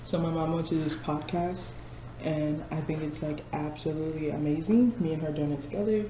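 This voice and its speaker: Chatty twenties woman vlogging at her work desk, lowish voice, roomy office sound. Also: steady tone, brisk, dark tone, a little hiss or hum. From Missouri. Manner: chatty, laughs often, mimics people. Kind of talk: casual chat. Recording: roomy office with faint ambience.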